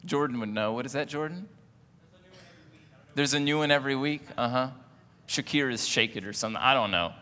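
A man's voice: mid-range voice, fairly quick, long pauses, bright, forceful tone, long reverb tail. A man preaching a sermon in a casual, joking way, often putting questions to the congregation. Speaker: pastor.

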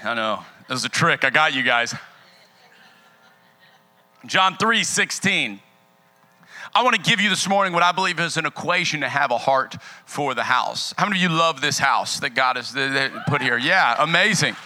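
A man's voice: on the high side, normal speed, low-quality recording. A young man preaching as a guest pastor, casual and joking with the congregation before moving into a sermon. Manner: casual, joking, lively with the crowd. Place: church sanctuary.

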